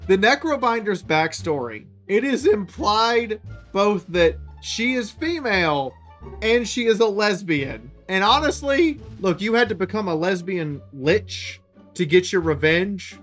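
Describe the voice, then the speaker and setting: A woman streamer reacting to memes in a loose, excitable way, swearing and riffing freely. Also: medium pitch, measured pace, faint music behind. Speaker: VTuber streamer. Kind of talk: meme reaction commentary.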